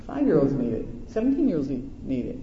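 A man's voice: mid-range voice, very animated, brisk. A middle-aged male pastor preaching a sermon, telling stories in a folksy, conversational way. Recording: echoey hall, dull lo-fi sound.

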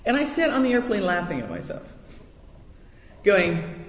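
A man delivers a conversational sermon in a high, animated voice, often restarting words as he goes. The sound carries a long reverb from a large hall and comes through dull and muffled. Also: moderate pace, long pauses. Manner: chatty, self-deprecating, restarts words often. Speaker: preacher.

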